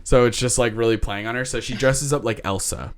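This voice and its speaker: Here a man co-hosting a podcast gives an easygoing rundown of a TV episode, voicing the characters, adding lively remarks, laughing often and swearing now and again. His pitch is medium and his pace slightly quick.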